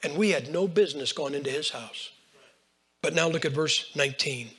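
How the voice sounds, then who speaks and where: An older man preaching a folksy storytelling sermon, swinging between hushed lines and loud bursts. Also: on the high side, moderate pace, breathy edge. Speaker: Baptist preacher.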